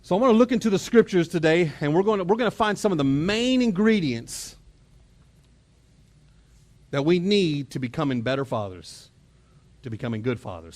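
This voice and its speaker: Chatty Texan pastor with a lively sermon. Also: male voice, a little high. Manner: conversational, repeats words while revving up; chuckles and mimics family exchanges. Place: church auditorium.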